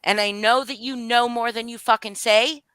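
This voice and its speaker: Woman, fired-up livestream confrontation, profane and heated, bright voice, dry close sound. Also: on the high side, fairly even intonation, normal speed, clear, resonant tone, dry recording. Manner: angry, profane, voice rising and falling. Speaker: livestream guest speaking out. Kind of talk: emotional live-stream confrontation.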